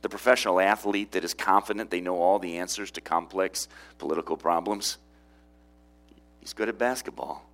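A man's voice: low voice, steady tone, moderate pace, fairly bright tone. A man preaching a sermon in a conversational way, often asking rhetorical questions of his listeners. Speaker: pastor.

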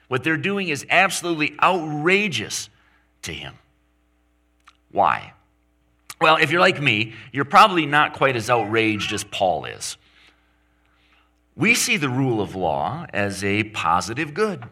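A man preaching a sermon to his church, animated and emphatic, with rising outbursts of emphasis. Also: mid-range voice, moderate pace, pauses often. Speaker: pastor.

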